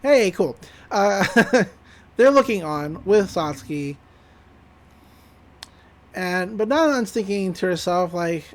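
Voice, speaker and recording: A woman's voice: lowish voice, animated, takes it slowly, pauses often. A woman co-hosting a podcast, recapping an episode in casual chat, laughing often and swearing freely. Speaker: podcast co-host.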